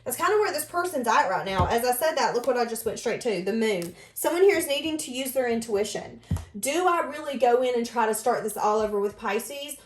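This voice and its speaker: A woman's voice: a little high, expressive, a little fast, reverberant, slight background noise. A woman giving a casual tarot reading in an earnest, emotive way, often speaking as if she were the other person. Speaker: tarot reader.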